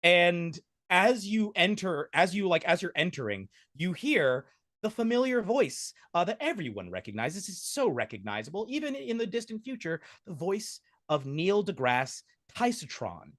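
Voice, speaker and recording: A man's voice: sits high, big pitch swings, normal speed, fairly bright tone, dry recording, clean studio sound. A man narrating a tabletop game as game master, rambling with restarts. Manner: rambling, full of fillers and restarts.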